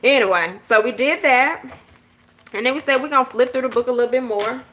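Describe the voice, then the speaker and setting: In a chatty journal-with-me tutorial, a woman from Georgia with a Southern drawl addresses viewers directly, often saying "y'all" and "okay?" as host of her journaling channel. Her voice sits high, moves fairly quickly, and sounds bright and forceful.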